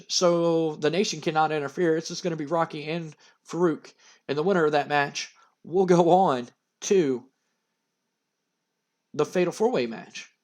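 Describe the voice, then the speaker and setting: A man casually narrating a wrestling management game, excitable and full of fillers. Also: on the high side. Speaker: gamer narrating a wrestling sim.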